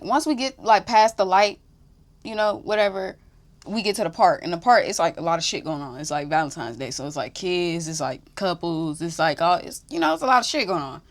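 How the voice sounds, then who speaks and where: A young woman hosting a podcast, telling a story in casual chat, animated, swearing freely and breaking into laughs. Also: on the low side. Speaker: podcast host.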